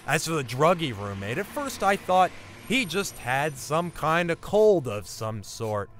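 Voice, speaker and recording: A man telling a personal story, wry and animated. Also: measured pace, slight background noise. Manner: wry, animated storytelling with lively pitch swings. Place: apartment life in New York City.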